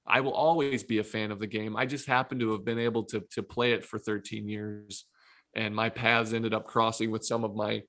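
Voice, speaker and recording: A man, a former pitcher, telling a long personal story in a casual podcast chat, acting out his own past lines. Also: brisk. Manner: animated anecdote telling, self-quoting.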